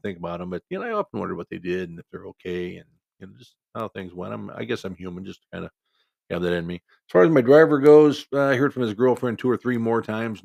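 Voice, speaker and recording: A man's voice: fairly low pitch, vocal fry, darkish tone, no room sound, clean studio sound. A man with a cold, telling a personal story in a rambling, folksy way as a podcast host. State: has a cold. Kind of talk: casual storytelling.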